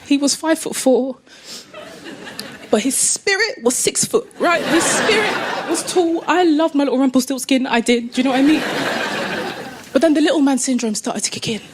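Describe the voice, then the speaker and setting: A woman of Jamaican heritage performing a stand-up comedy set, animated and laughing through her lines. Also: sits high, normal speed, a crowd in the background. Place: comedy club stage. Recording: live club recording with clear noise.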